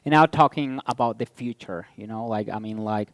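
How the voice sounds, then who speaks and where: A man's voice: fairly low pitch, moderate pace, dry recording. Hesitant male panel moderator. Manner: hesitant, many fillers. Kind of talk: hosting a panel. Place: event stage.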